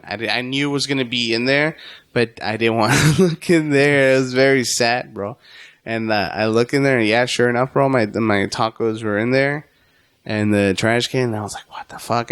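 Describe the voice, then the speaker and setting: Animated storytelling man. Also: medium pitch, no room sound. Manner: animated, swearing, acts out voices in anecdotes. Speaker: podcast guest. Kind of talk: casual storytelling.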